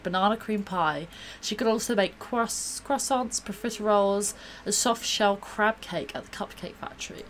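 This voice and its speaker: A woman's voice: mid-range voice, fairly bright tone, slight background noise. A woman gives bubbly, gushing live-stream commentary while she plays a game, gasping and laughing often.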